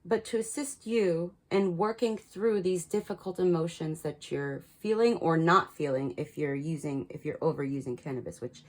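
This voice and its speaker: A woman's voice: low voice, moderate pace, few pauses, darkish tone, poor audio. Candid swearing woman giving spiritual advice. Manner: candid, swears freely, repeats words. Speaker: tarot card reader. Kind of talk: casual spiritual guidance to camera.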